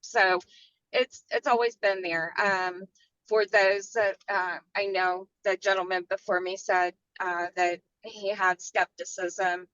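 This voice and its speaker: A woman's voice: mid-range voice, fairly even intonation, slow pace, fairly bright tone, dry recording, dull audio. An older woman on a video call, sharing her experience hesitantly and searching for her words. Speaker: workshop participant.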